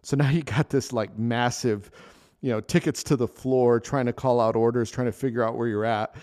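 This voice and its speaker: A man's voice: medium pitch, steady tone, normal speed, a little mellow. A man hosting a solo podcast, telling restaurant kitchen stories in a loose, rambling way with many restarts. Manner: rambling storytelling with frequent restarts and laughs. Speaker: podcast host, chef. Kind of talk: casual solo podcast monologue.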